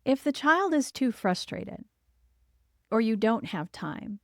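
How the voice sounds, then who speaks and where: A woman who hosts a parenting podcast as a child therapist, giving advice in a calm, gentle and reassuring way. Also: on the high side, takes it slowly, creaky, dry recording, studio quality.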